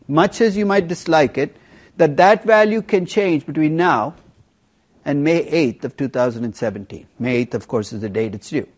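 A man teaching a university finance class, emphatic and lively, teasing students with questions. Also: a little high. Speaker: finance professor. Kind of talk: university lecture.

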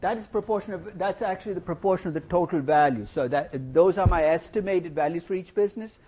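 A middle-aged man giving a university finance lecture, animated and playful, asking the class rhetorical questions. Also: high-pitched, fast talker, a little hiss or hum. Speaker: finance professor. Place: lecture hall.

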